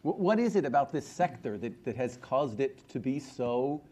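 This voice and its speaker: A man's voice: mid-range voice, animated, normal speed, a little mellow. A man on a conference panel, pressing the others with questions about the reasons for things.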